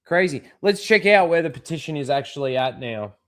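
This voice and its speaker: A man's voice: a little high, animated, fairly quick, a bit bright. A man hosting a casual commentary show, scornful and heavy on swearing, often rising into angry rants. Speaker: commentary channel host.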